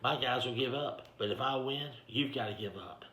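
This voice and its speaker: A man's voice: medium pitch, normal speed, pushed and bright, natural voice. A man voicing a boastful giant warrior who taunts an army, in an echoey room. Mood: taunting. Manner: taunting, challenging.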